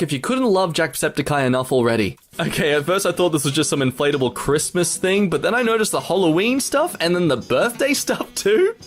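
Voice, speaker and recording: Casting: young male reaction host, fairly high, very animated pitch, chatty and giggly. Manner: chatty, laughs often between remarks. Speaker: host reacting to online posts. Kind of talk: casual reaction commentary.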